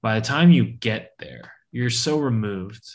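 A man in casual conversation who tells rambling anecdotes full of "like" and acts out the quoted voices. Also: measured pace. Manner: rambling storyteller who acts out quotes with animated jumps in pitch. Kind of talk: casual chat.

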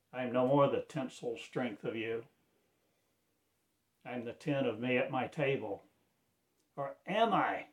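A man from Arkansas giving a rambling religious address as a self-styled preacher, pleading in loose, strung-together phrases. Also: mid-range voice. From Arkansas, USA.

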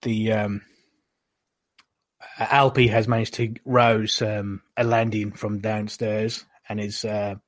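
Game master, man, lowish voice, rambly and filler-heavy delivery. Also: little pitch movement, takes it slowly, dry recording. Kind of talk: narrating a tabletop game.

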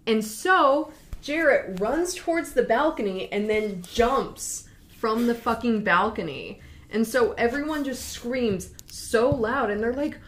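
A young woman casually retelling a true story to a friend, acting out the quoted lines in livelier, higher voices. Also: takes it slowly. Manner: lively, acts out quoted lines with raised pitch.

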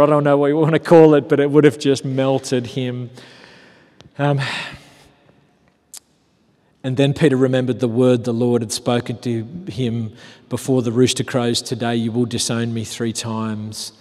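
Preacher in a big echoing hall. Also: male voice, mid-range voice. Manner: conversational storytelling, rhetorical questions, swings between animated and hushed. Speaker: pastor. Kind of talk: sermon. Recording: long hall reverb.

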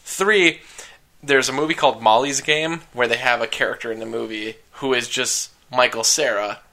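A man co-hosting a movie podcast, chatting casually and telling animated, joking stories. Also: mid-range voice, moderate pace. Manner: animated, joking, breaks into silly singing. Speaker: podcast co-host. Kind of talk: casual chat.

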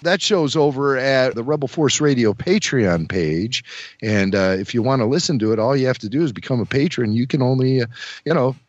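A man's voice: mid-range voice, fairly quick, no room sound. A man co-hosting a call-in podcast, chatty and joking with many fillers, recorded slightly dull. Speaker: podcast co-host. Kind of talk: casual call-in show chat.

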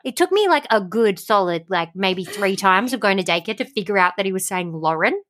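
A young woman co-hosting a podcast in casual chat, gushing and animated and laughing often. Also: mid-range voice, brisk. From Australia. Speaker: podcast co-host.

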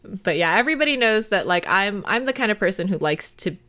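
A woman's voice: mid-range voice, expressive, brisk, bright, forceful tone. A woman in her thirties in casual conversation, rambling with lots of fillers and frequent laughs. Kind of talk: casual chat.

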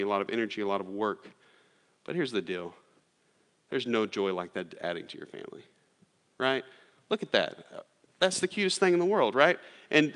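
A man's voice: mid-range voice, sharp tone. A man, preaching a sermon in a casual, storytelling way with plenty of "like" and restarts. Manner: casual, storytelling with lots of fillers. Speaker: pastor. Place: church sanctuary. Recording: long hall reverb.

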